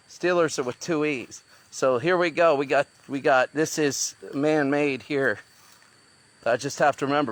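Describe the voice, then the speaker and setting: Hiking through the jungle with a handheld phone, a man vlogs to the camera and thinks aloud as he walks. His voice sits fairly high and he's in no hurry.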